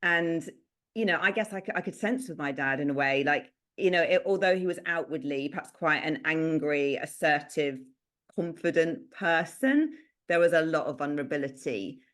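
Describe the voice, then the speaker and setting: A woman guest speaking in a thoughtful, gentle way, often searching for her words. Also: low voice, animated, moderate pace. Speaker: guest therapist. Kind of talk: reflective conversation.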